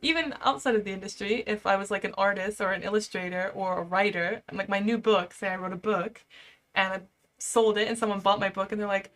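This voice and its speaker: A young woman in her twenties, a live-streamer, chatting casually and reading out viewer comments in an animated way. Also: medium pitch, brisk. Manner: chatty and animated, heavy use of "like".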